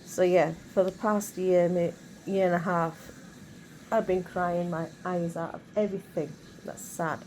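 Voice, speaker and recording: A woman's voice: on the low side, steady tone, a little slow, darkish tone, a little hiss or hum, rough recording. A woman chatting casually in her bedroom, rambling with many asides. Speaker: vlogger. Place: bedroom at home.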